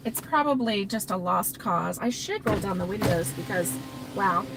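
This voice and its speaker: Heavy background noise surrounds a mid-range, expressive female voice with vocal fry, moving at a moderate pace. It belongs to an older crochet channel host chatting casually in her car on a live stream, rambling, laughing a lot and reading out viewer comments.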